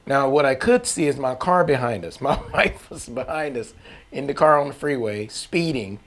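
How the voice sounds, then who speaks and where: A man's voice: medium pitch, lively intonation, normal speed. A man giving a personal faith testimony in an earnest, candid, conversational way, with folksy phrasing. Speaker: testimony speaker.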